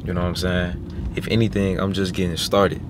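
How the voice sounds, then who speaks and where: A man's voice: sits low, little pitch movement, fairly quick. A young man from Little Rock, Arkansas, talking casually and reflectively to his viewers as a vlogger, with slang. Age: 20s. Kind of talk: casual vlog talk to viewers. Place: inside a car. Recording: noisy car interior.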